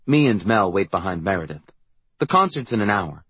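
A man narrating an audiobook in the first person, with an expressive reading. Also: low-pitched, normal speed, husky, no room sound.

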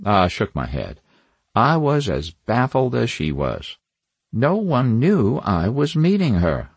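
A man's voice: on the low side, gravelly, slightly rough, no room sound. A man narrating a first-person crime novel in a wry, hard-boiled manner with dry asides. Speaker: audiobook narrator.

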